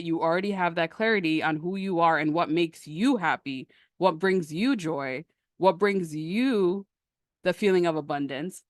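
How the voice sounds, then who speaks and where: A woman coaching on a live stream in a lively, emphatic, conversational way, answering questions from the chat. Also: on the low side, no room sound, clean studio sound. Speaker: manifestation coach.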